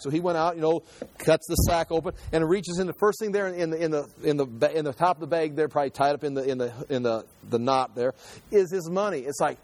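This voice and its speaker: A man's voice: fairly high pitch, quick pace, darkish tone. A man teaching the Bible verse by verse in a conversational way, reading passages and then explaining them, often restarting his sentences. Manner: conversational, reads scripture then explains it in his own words; frequent restarts and repeated words.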